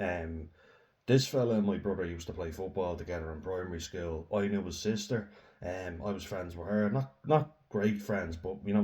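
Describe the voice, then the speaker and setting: A man's voice: low voice, darkish tone. A tired young Irish man talking casually to camera, chatty and rambling with lots of fillers. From Ireland. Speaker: vlogger.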